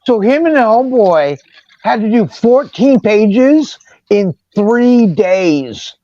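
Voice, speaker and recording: A man from Seattle chatting casually on a video call, telling animated, slangy stories. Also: high-pitched, takes it slowly, dry recording, highs cut off. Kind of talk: casual chat.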